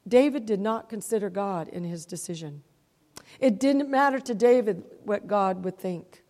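Woman preacher, high voice, emotional, keeps asking the congregation "Amen?", long hall reverb. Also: darkish tone. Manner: emotional, calls out "Amen?" to the crowd. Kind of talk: sermon.

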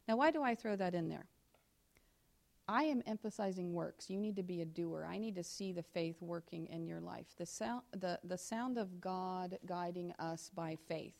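This church teacher, who ministers with her pastor husband, speaks in a creaky voice as she gives a sermon to her congregation. Her scripture reading is slow, loud and forceful, while her asides turn low, fast and confiding, and she poses questions straight to the listeners.

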